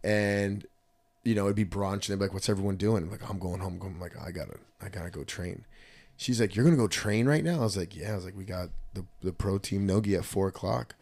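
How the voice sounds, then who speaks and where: Casting note: lowish-voiced male podcast host, profane storyteller. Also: quick pace. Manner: storytelling, profane, animated retelling. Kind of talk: casual chat.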